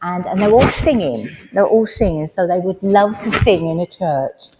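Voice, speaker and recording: A woman working as a medium at a service, relaying spirit messages in a halting way full of ums, in a village hall. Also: lowish voice, expressive. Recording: echoey hall, faint background noise.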